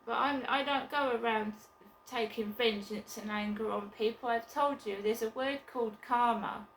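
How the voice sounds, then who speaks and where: A woman vlogging from her flat, chatting casually and bluntly in a rambling way, with occasional swearing. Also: fairly high pitch, normal speed, echoey room, a little hiss or hum, rough recording. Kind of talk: casual chat to camera.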